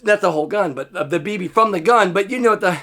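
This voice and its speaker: A man telling a childhood story in a casual, profane way, acting out scenes with sudden shouts and hushed asides. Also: high-pitched, fast.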